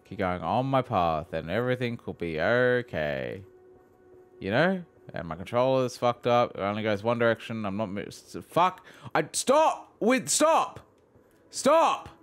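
A young man giving profane, excitable let's play commentary, laughing and mocking as he plays. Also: lowish voice, moderate pace, smooth. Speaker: gaming video host.

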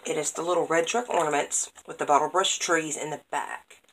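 A woman's voice: sits low, brisk, fairly bright tone, slight background noise, poor audio. A woman vlogger, chatting casually as she unboxes craft mail, gushing and gasping with delight at each item. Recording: crinkling packaging and clicks over the voice.

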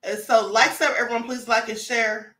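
High bright-voiced woman hosting a livestream. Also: level tone, normal speed, reverberant. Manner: chatty, greets viewers by name, asks for likes. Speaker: livestream host. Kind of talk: casual livestream commentary.

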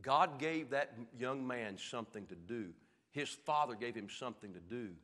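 Man, southern accent, preaching, bright ringing voice, echoey church hall. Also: moderate pace. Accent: Southern American. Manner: animated, swings from shouted peaks to low quiet passages. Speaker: pastor. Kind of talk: sermon. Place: church sanctuary.

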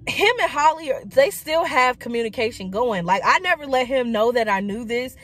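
A woman's voice: on the high side, expressive, moderate pace, fairly bright tone. A woman vlogger telling a personal story in a casual, chatty way, full of likes and quoted asides.

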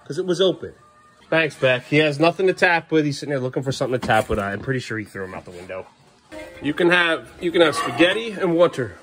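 Male dad vlogger, pitch on the high side, casual home vlog, exasperated, rambling, scolding tone. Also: fairly bright tone. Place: family home living room.

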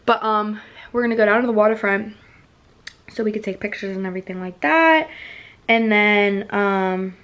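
Excitable young woman vlogging. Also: mid-range voice, moderate pace, highs cut off. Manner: excitable, swears freely, slangy. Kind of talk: casual vlog chat.

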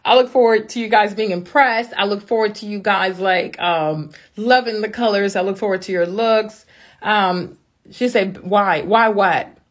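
A woman with a mid-range voice chats casually on a live stream about her makeup brand. She is bubbly and excitable and often jumps up into high squeals. She is talking into her phone. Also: normal speed.

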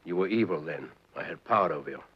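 An actor playing a proud, scheming Devil who talks in florid, grandiloquent phrases, in 1940s film style. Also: male voice, sits low, expressive, fast, husky. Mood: scolding. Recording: muffled 1940s film soundtrack.

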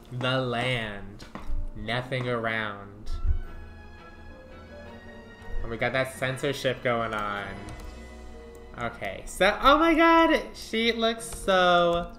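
A woman streaming a game, thinking out loud in a casual, musing way, trying out names and giggling between thoughts. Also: extremely low pitch. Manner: muses aloud, trying out names, quick to giggle. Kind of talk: casual gameplay commentary.

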